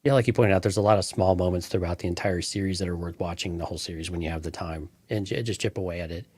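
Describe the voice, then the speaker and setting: Man, very deep voice, earnest casual podcast talk, dry mic. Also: steady tone, fast talker, a little mellow, breathy edge, dry recording. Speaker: podcast co-host. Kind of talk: casual fan podcast chat.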